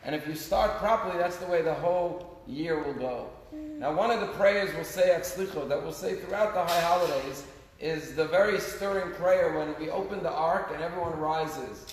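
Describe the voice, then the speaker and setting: A man's voice: on the high side, moderate pace. A man giving a sermon as a rabbi, telling stories earnestly with his volume rising and falling. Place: synagogue sanctuary. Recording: echoey sanctuary with long reverb, faint noise.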